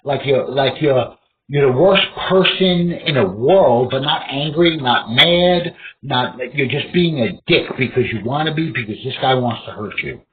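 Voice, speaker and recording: A man's voice: medium pitch, expressive, a little slow. A man giving rambling, profane instruction on fighting techniques, often acting out an opponent's startled outbursts. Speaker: martial arts instructor. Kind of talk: rambling casual instruction to camera. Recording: tinny phone-like sound with faint noise.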